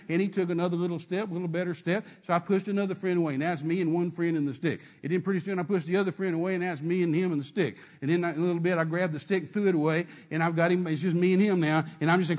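A male preacher tells a sermon story in an emphatic, repetitive way, circling back over his words. His voice is husky and sits fairly high for a man. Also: rapid-fire, few pauses, darkish tone.

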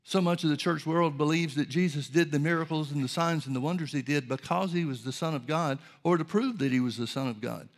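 Male preacher with a gravelly, somewhat high voice, steady sermon delivery with scripture readings. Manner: measured preaching, reads scripture aloud.

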